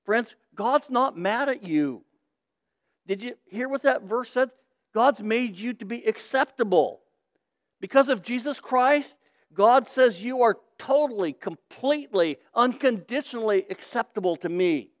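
A man's voice: very high voice, expressive, a little slow, no echo, studio quality. A man, a pastor, preaching a sermon in a conversational, emphatic way with short repeated phrases.

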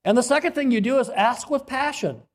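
Male pastor, high voice, earnest sermon delivery with repeated phrases and throat-clearing. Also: expressive, brisk.

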